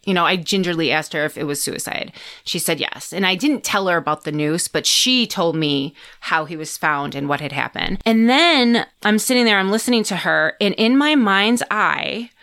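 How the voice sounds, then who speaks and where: A woman with a fairly low, expressive, slightly bright voice appears as a podcast guest, chatting casually at a moderate pace as she tells a story. She acts out her own and others' lines and swears freely.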